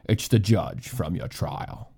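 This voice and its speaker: A man's voice: deep voice, huge pitch swings, gravelly, dark tone, slightly rough, full character voice. A man narrating a dramatic audiobook chapter while putting on a Sean Connery-style impression. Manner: slow, dramatic audiobook reading. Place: empty room.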